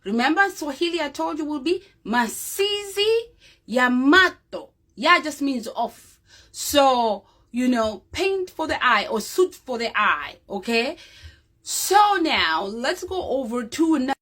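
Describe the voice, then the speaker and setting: A woman's voice: high-pitched, big pitch swings, a little slow, fairly bright tone. A woman giving a casual, unscripted demonstration to her viewers, often stopping to check in with them. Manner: chatty and unscripted, with fillers. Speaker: presenter demonstrating a craft.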